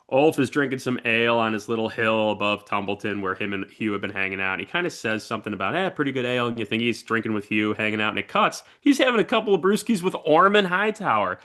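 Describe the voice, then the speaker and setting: A man co-hosting a podcast in casual chat, animated as he retells scenes. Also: lowish voice. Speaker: podcast co-host.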